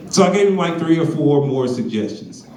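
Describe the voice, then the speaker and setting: A man in his forties doing stand-up comedy on a comedy club stage, telling stories in an animated, profane way. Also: fairly high pitch, fairly quick. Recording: roomy club sound, distant mic.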